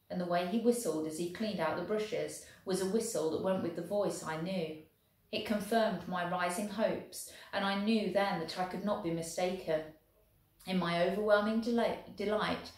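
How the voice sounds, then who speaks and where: A woman English teacher reading a novel aloud in a steady, expressive storytelling voice. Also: fairly low pitch, normal speed. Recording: very echoey room.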